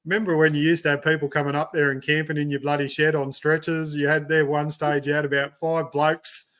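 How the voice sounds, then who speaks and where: A man joins a casual chat as a guest, teasing and reminiscing. His voice sits a little high and sounds bright and forceful. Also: level tone, a little fast.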